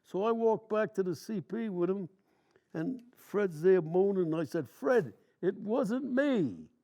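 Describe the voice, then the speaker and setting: A war veteran in his nineties recalls long stories from memory during an interview, his speech plain, rambling, and colloquial. His voice sits high, with a dark tone and a slightly slow pace.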